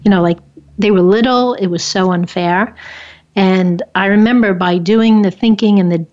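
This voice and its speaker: A woman guest telling a personal story in a relaxed, reflective way, with many "like" fillers. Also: mid-range voice, normal speed. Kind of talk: casual storytelling. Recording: dull lo-fi sound.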